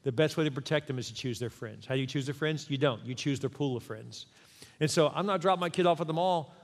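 Animated middle-aged male pastor preaching. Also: a little high, quick pace, in a large hall. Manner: animated, conversational preaching with acted-out quotes. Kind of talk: sermon. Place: church sanctuary.

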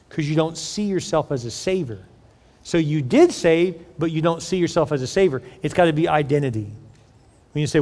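Pastor guy preaching, kinda high voice, jokey and animated, church hall echo. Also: brisk. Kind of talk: sermon. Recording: long reverb of a church hall.

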